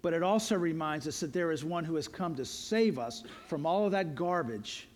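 High-voiced pastor preaching earnestly. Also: male voice, moderate pace. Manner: earnest, emphatic preaching with repeated refrains. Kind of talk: sermon.

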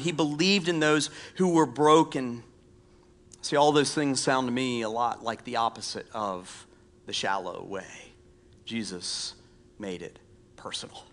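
A male pastor giving a conversational sermon, reading scripture and dropping to a hushed whisper for emphasis, with self-deprecating asides. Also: fairly high pitch. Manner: self-deprecating humor with laughs.

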